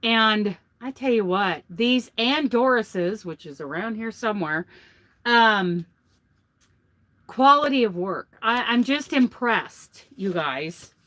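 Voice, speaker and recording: Sitting in a truck, a woman hosting her crochet vlog shows off handmade gifts and gushes about them in easy conversation. Her voice runs on the high side, animated and fairly bright, and she takes her time.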